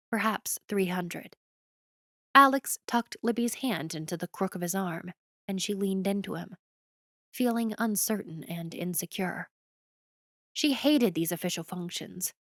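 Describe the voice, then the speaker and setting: A woman narrating a romance audiobook in an even storytelling delivery, recorded close to the mic. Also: medium pitch, no room sound.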